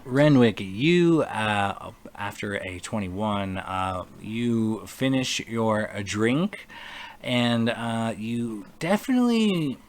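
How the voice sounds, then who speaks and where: A man's voice: lowish voice, lively intonation, slow pace. A man narrating as game master over online voice chat, describing scenes in a loose, rambling way full of fillers.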